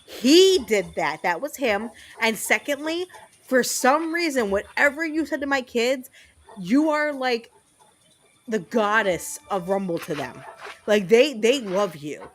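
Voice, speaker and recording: A woman's voice: on the high side, lively intonation, measured pace. Blunt, chatty woman streamer. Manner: blunt, chatty storytelling with frequent fillers and cursing. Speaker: game streamer. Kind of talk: casual chat with viewers.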